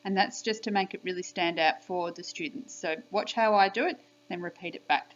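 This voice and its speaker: Woman, encouraging early-years teacher voice, slow and clear, lo-fi home video audio. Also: fairly low pitch. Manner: bright, encouraging, slow and clear, sing-song teacher talk. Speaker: primary school teacher. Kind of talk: recorded spelling lesson for young children.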